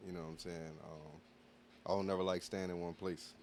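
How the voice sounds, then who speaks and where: A man's voice: low-pitched, flat delivery, brisk, a little hiss or hum. A man appearing as a musician guest on a podcast, talking in an easygoing, reflective way and often asking "you know what I mean". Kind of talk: casual interview chat.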